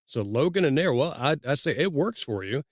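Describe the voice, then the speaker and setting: A man's voice: medium pitch, very animated, a little fast, no room sound, studio quality. Folksy man hosting a podcast. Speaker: podcast host.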